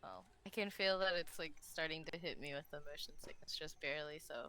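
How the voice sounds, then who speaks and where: A woman's voice: deep voice, brisk, a crowd in the background. A woman streamer chatting casually with friends after a gaming session, bubbly and laughing often.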